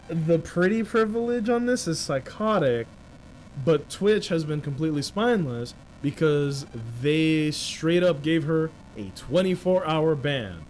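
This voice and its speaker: A young man from New York talks through a casual livestream rant, full of slang and animated asides. He speaks at an unhurried pace in a slightly high voice, with faint music playing behind him. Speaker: streamer.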